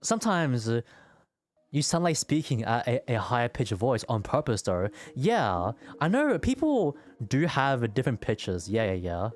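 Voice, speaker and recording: A man's voice: mid-range voice, big pitch swings, a little slow, faint music behind. A man streaming and chatting casually with his viewers, stuttering and repeating words as he talks.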